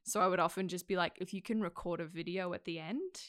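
A young woman talks in a casual, animated way as a podcast guest and laughs easily. Her voice sits a little low for a woman. The sound is close and dry, with no room around it. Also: fast talker, no echo. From Australia. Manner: chatty, animated, laughs often.

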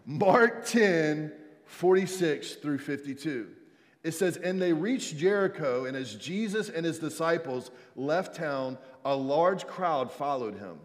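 A man preaching a sermon as a pastor in a church, energetic and calling out to the congregation, with jokey asides. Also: fairly high pitch, slow. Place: church sanctuary. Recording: long church hall reverb.

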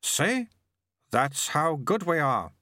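A man voicing a brisk, dry-witted male monk who recruits a youth, speaking in a sardonic way. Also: a little high, big pitch swings, bright, forceful tone, no room sound, pitched above the performer's own voice, exaggerated voice.

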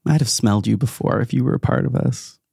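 A man voicing a glowing-eyed male cult leader in a tabletop game, falsely friendly with a calm, sinister edge. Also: medium pitch, fast, gravelly, slightly rough, no echo, clean studio sound, full character voice. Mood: menacing calm.

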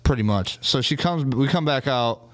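A man hosting a casual livestream, telling stories in an animated, profane way. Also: mid-range voice, moderate pace. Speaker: host.

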